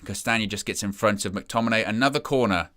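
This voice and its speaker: A young man giving excitable, chatty live commentary as a fan following a football match. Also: lowish voice, fast talker. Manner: excitable, chatty play-by-play with asides.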